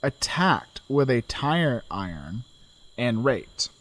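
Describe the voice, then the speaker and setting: A man co-hosting a casual true-crime podcast, telling the story with dark humor. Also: medium pitch, slow. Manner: storytelling, animated, darkly joking. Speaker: podcast co-host.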